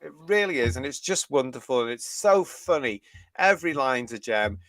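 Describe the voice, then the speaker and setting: A man's voice: mid-range voice, animated, normal speed, a bit bright, dry recording, clean studio sound. Chatty British man hosting a live stream. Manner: chatty and enthusiastic, laughing often. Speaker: host of a fan review livestream. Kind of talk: live stream chat, reading viewer comments.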